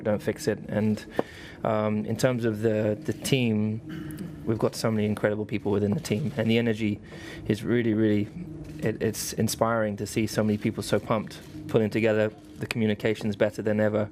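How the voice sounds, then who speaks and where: A racing driver giving earnest, enthusiastic answers at a press conference, often repeating words. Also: male voice, lowish voice, noisy background.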